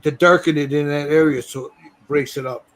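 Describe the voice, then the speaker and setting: A man hosting a model-painting session, explaining his steps in a relaxed, rambling way and swearing casually. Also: a little high, a little fast. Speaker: host painting a model bust. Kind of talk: casual chat while painting.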